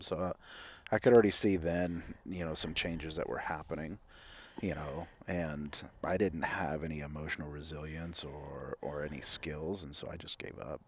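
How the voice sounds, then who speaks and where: A counselor in his thirties hosts a candid conversation, his rumbling low voice fairly even in intonation and normal in speed. He's reflective, using many fillers and restarts. The sound is slightly rough.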